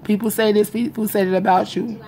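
Young woman, casual vlogger, gravelly voice, confiding and repetitive, faint background noise. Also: medium pitch, fairly even intonation, brisk, dark tone. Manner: rambling and confiding, repeats herself, addresses viewers as y'all. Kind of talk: casual vlog chat to viewers. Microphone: phone or webcam in front of her.

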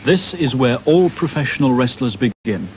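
A man's voice: medium pitch, animated, moderate pace. A man narrating a documentary in a dry, matter-of-fact scripted delivery. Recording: dull old broadcast voice-over with faint hiss.

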